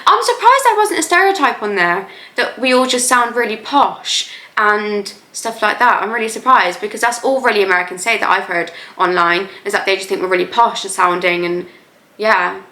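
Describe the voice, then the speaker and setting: A woman's voice: mid-range voice, moderate pace, pushed and bright. A young woman with an English accent chatting casually in a rambling way as she reacts to a video, filling her talk with "like". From England. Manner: rambling, lots of "like" fillers. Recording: roomy echo.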